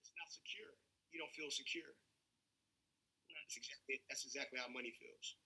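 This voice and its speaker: A man coaching a group on a call in a casual, animated way, stumbling over and repeating his words as he pushes ahead. His voice is very bright and edgy but carries a husky, rough grain. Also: medium pitch, normal speed, rough recording. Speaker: host and coach.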